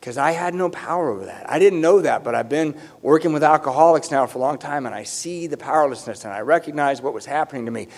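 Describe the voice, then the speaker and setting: A man's voice: a little high, fast talker, few pauses, darkish tone. A middle-aged man telling his recovery story with humor, candid and self-deprecating. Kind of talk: personal testimony with humor.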